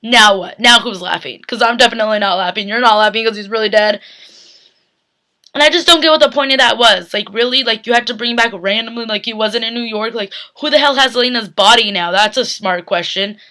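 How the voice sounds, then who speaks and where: A woman's voice: on the high side, fairly quick, pushed and bright. A young woman chatting casually into her webcam, recapping a TV episode with emphatic, filler-heavy talk. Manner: chatty, emphatic, lots of "like" and "literally". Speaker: YouTube TV reaction vlogger.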